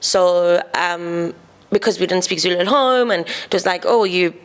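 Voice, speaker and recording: A woman's voice: fairly low pitch, moderate pace, clear, resonant tone. A young woman from South Africa, a podcast guest telling stories in a chatty, playful way with many "like" fillers. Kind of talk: casual chat.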